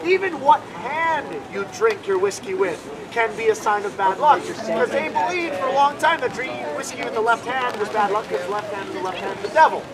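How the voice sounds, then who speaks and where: A man's voice: extremely high pitch, lively intonation, brisk, hardly any pauses. A man performing a comic magic act at an outdoor fair, joking and bantering with the audience. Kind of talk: live stand-up magic act. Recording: loud crowd around an outdoor show.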